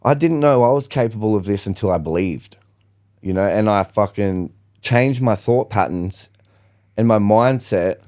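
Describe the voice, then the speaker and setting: A man's voice: lowish voice, moderate pace, a little mellow. A young man, a podcast guest, telling his story bluntly and with lots of swearing in casual chat.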